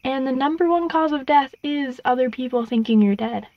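A woman voicing a gentle little ghost girl who speaks softly and plainly. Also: sits high, moderate pace, no echo, lo-fi sound.

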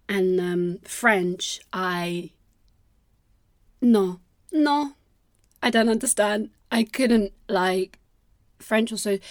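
A woman's voice: on the low side, no room sound. Young woman, podcast host, casual rambling monologue, self-deprecating and sweary, dead-dry close mic.

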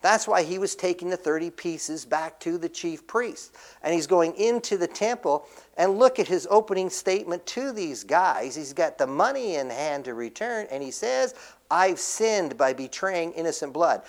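A man preaching a sermon in a fairly high voice. He puts questions to the congregation and answers them himself, swinging from emphatic delivery to hushed, lowered lines. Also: expressive, moderate pace, hardly any pauses. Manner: expository, asks the congregation questions then answers; swings from emphatic to quiet and low.

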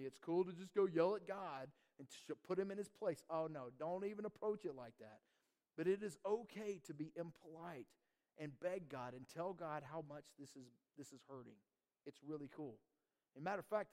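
A man preaching a sermon as pastor, animated and casual, slipping into slang and acting out voices. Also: on the high side, moderate pace.

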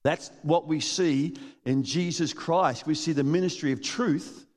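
A man preaching a sermon, his fairly high voice carrying a long reverb through a large hall. He is animated, acting out the people in his stories and laughing often as he speaks to the congregation. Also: measured pace. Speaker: pastor. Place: church hall.

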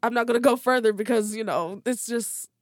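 A woman's voice: a little high, fairly quick, no room sound, clean studio sound. Blunt, candid woman podcast host. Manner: candid and blunt, swears freely. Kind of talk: casual podcast chat.

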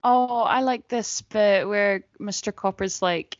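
A woman's voice: mid-range voice, steady tone, a little slow, few pauses, no room sound. Giggly woman, dry lo-fi sound. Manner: giggly, enthusiastic. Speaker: regular podcast guest. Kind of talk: casual chat watching along.

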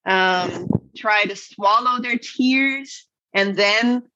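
Bright, expressive woman on a lo-fi line. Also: medium pitch, very slow. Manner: earnest and expressive, many fillers and restarts. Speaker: guest, voice teacher. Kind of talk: conversational interview.

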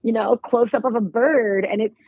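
A woman's voice: fairly high pitch, fairly even intonation, moderate pace, breathy edge, no echo. A woman photographer guest in a casual podcast interview, rambling, correcting herself and laughing as she talks, in a lodge bar booth. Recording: tinny, phone-like dry sound.

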